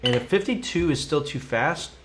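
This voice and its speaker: A man's voice: on the high side, lively intonation, moderate pace. A man teaching a live-streamed drum lesson, chanting counts and stickings in a sing-song way between explanations. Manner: sings counts and sticking aloud while demonstrating. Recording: loud instrument and metronome behind.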